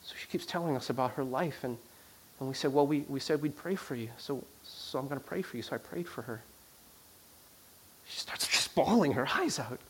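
A man speaks briskly in a medium-pitched voice with a breathy edge as he tells a personal story in a sermon. He moves between loud emphasis and quiet passages, repeating words and restarting sentences often.

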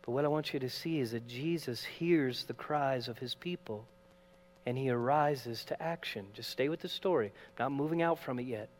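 A man preaching a sermon, dramatic, shifting from loud acted quotes to hushed asides. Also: mid-range voice, moderate pace. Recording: long reverb of a large hall, faint mains hum.

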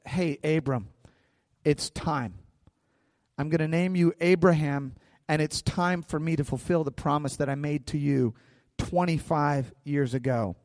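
A man preaches with lively energy, stepping into quoted voices as he tells the story. His voice sits a little high for a man. The mic is close and dry, yet a long reverb trails after his words. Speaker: pastor. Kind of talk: sermon.

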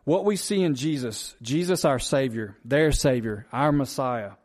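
A man's voice: medium pitch, measured pace, darkish tone. A man preaching a sermon, earnest and repetitive, asking the congregation rhetorical questions. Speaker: pastor.

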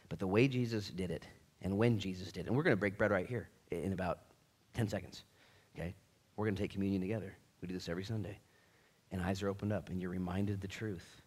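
A man preaching a sermon with casual slang, swinging between loud bursts and hushed, earnest stretches. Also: low voice. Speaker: pastor.

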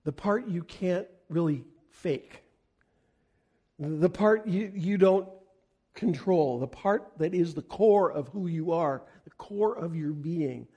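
A man preaching a sermon as pastor to his congregation, earnest, rising to loud emphatic peaks. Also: fairly high pitch, slow pace, husky.

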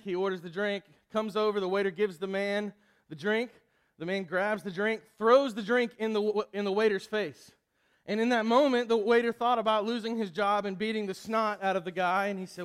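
Sex: male. Role: pastor. Style: conversational sermon. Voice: high-pitched. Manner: storytelling, stammered restarts. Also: fairly even intonation, a little fast, clean tone, faint music behind.

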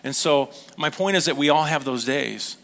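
A man's voice: fairly high pitch, normal speed, vocal fry, a bit bright. A man in his fifties, a pastor preaching to a congregation in a conversational storytelling way, often asking the listeners questions. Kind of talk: sermon.

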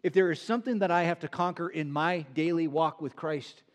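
A middle-aged male pastor delivering a sermon in a slightly high voice. He is earnest and emphatic, and he leans on repetition. He slows right down to draw out the phrases he wants to land. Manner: earnest, emphatic preaching with slow drawn-out key phrases and repetition.

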